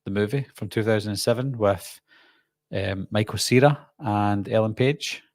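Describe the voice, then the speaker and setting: A man's voice: lowish voice, normal speed, a little mellow, dry recording, clean studio sound. A middle-aged man with a Glaswegian Scottish accent, hosting a casual live-stream Q&A and chatting about viewer comments as he reads them. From Scotland. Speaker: host.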